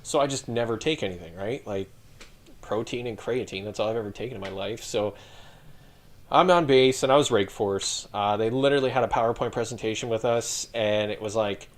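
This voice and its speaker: A man in his thirties tells army stories as a podcast guest. He talks casually and swears often. His delivery is animated, and he breaks into laughter along the way. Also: fairly low pitch, fairly quick. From Canada. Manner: profane, laughing, animated storyteller. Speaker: podcast guest, retired infantry soldier. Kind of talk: casual storytelling chat.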